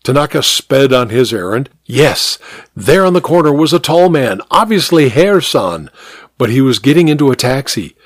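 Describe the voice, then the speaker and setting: A man narrating a mystery story in a measured, expressive reading. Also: mid-range voice, dry recording, clean studio sound.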